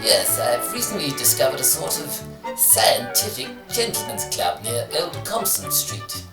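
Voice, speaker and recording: Man doing a prim professor, lively swoops, echoey from afar, music under. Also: mid-range voice, unhurried, far from the mic. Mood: smug. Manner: prim, innuendo-laden presenter tone. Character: sleazy male British professor, faux-posh science host.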